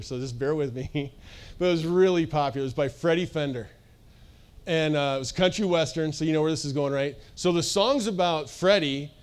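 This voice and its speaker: A man with a high, bright-sounding voice preaches in a loose, conversational way. He is middle-aged and energetic, tossing asides and questions to his listeners as he goes. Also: clean tone. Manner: energetic, conversational, sings snippets and jokes with the audience. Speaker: pastor. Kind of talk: sermon.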